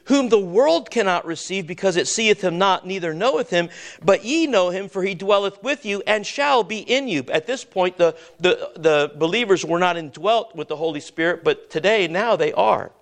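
High-voiced preacher asking the congregation. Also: male voice, expressive. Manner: preaching with call-and-response questions to the congregation; slows down to stress words, then drops low and quiet. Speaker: pastor. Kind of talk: sermon.

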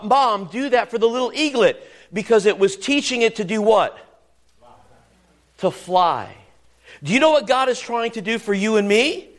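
A man's voice: high voice, a bit bright. A man preaching a sermon as pastor, emphatic and repetitive, full of rhetorical questions, in a church.

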